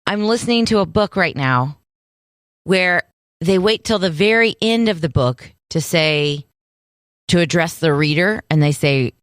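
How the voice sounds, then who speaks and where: A woman co-hosting a casual podcast chat, relaxed and dryly amused, reassuring her co-host. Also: fairly low pitch, measured pace, no room sound, clean studio sound.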